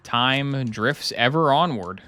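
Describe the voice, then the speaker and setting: Brief: young male streamer, bright, crisp tone, mid pitch, rambling sarcastic game commentary. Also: lively intonation, takes it slowly, faint music behind. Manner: rambling, jokey, sarcastic asides. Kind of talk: casual commentary while gaming.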